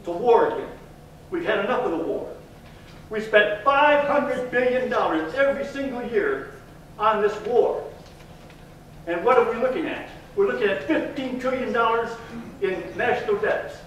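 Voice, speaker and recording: A man's voice: high voice, a bit bright, a little hiss or hum. A man in his sixties giving a fiery, emphatic campaign speech as a congressional candidate at a public forum. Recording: echoey hall from far off.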